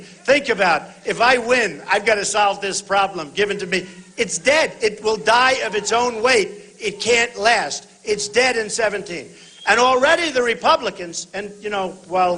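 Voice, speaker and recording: A man giving a campaign rally speech on a stage microphone in a large venue. He speaks emphatically in short repeated phrases, often shouting to the crowd and calling them folks. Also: high-pitched, rough recording. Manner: talks directly to the audience, addressing them as folks. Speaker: political candidate speaking at a rally.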